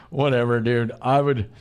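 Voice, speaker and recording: A man in a mid-range voice hosts a live stream, rambling from one excited idea to the next and dropping "dude" every few words. His voice rings with a long reverb tail. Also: mid-range voice. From United States. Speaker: live-streaming musician and host. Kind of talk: casual live-stream chat.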